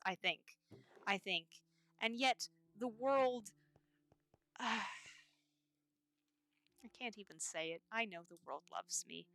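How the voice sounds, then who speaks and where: A woman's voice: a little high, pushed and bright, no echo. A woman streamer chatting in character during a game, scattered and rambling as she talks to her chat. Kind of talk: in-character roleplay chat while gaming. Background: faint background music.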